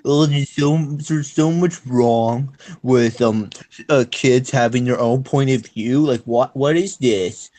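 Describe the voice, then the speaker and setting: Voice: mid-range voice, slow, warm tone. A co-host in a casual group chat, speaking in a sarcastic, mocking way. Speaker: podcast co-host.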